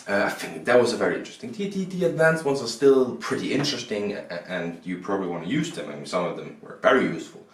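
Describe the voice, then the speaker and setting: A man, a board game reviewer rambling casually through the rules and his opinions, often restarting his sentences. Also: lowish voice. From Denmark. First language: Danish. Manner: rambling, restarts often, self-deprecating asides. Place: indoors at a table. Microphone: camera mic, self-recorded. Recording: roomy echo, faint background noise.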